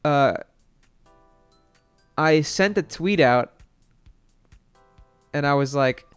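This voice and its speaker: A young man telling a story to his stream chat, excitable and rambling, with lots of fillers and swearing. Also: fairly high pitch, very slow, clean tone, soft background music.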